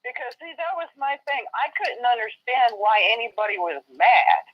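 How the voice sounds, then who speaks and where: A woman calling in to a livestream, speaking in a matter-of-fact, measured way. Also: a little high, big pitch swings. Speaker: caller. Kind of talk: call-in conversation. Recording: muffled phone-line call.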